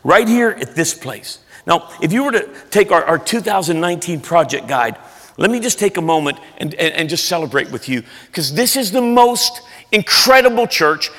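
A man pastor preaching a sermon in a church, earnest and emphatic, sometimes dropping soft. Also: high-pitched, expressive, moderate pace. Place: large church sanctuary. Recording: echoey church hall.

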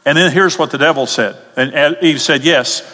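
A man's voice: fairly high pitch, normal speed, pushed and bright. A male pastor preaching a sermon emphatically, his voice rising as he gets stirred up. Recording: long hall reverb.

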